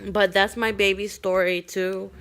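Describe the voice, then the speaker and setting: A woman's voice: mid-range voice, level tone, a little slow, fairly bright tone. A young woman telling a personal story to the camera in a rambling, emotional way, raising her voice when she quotes others. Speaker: vlogger.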